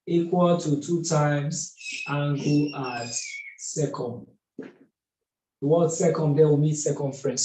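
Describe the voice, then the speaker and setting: A man's voice: a little high, darkish tone. A man teaching a math lesson at a board, methodical and asking rhetorical questions as he works. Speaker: math tutor. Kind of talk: whiteboard lesson. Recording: echoey room.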